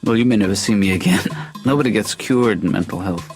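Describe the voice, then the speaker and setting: An actor playing a mild middle-aged male therapist in an animated sitcom, with a soft deadpan delivery. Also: on the low side, a little fast, soft background music, lightly acted. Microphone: dry studio mic.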